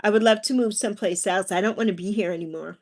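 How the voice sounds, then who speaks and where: A woman's voice: mid-range voice, fast talker. A woman in her forties hosting a casual livestream, chatting with viewers and telling family stories. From Virgin Islands. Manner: chatty, warm with viewers, drifting into personal stories. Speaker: livestream host. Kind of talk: casual livestream chat, reading viewer comments.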